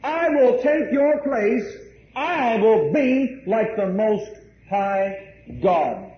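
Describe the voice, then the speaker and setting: Man acting out a defiant male Satan, boastful and high, roomy dull recording. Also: lively intonation, very slow, far from the mic, a little hiss or hum, exaggerated voice. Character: defiant proud male Satan claiming God's throne.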